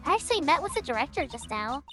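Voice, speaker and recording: A woman's voice: sits high, sing-song, quick pace, music in the background. A woman voicing a worried young male defense lawyer with a wry, downbeat manner.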